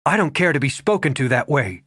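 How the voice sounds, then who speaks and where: A man voicing a tense, proper young woman in an audiobook, indignant and clipped, his voice raised well above its usual pitch. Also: expressive, a little fast, a bit bright, slightly rough, no room sound, clean studio sound. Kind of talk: audiobook character voice.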